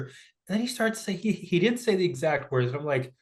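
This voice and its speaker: A man's voice: a little high, lively intonation, fast talker. A man co-hosting a movie podcast, ranting in a casual, exasperated way with lots of fillers. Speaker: podcast co-host.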